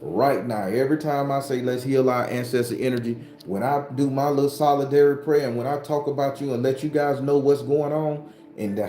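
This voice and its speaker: A man's voice: medium pitch, warm tone, reverberant. A man hosting a spiritual livestream, talking bluntly and profanely to his viewers in a casual, preachy way.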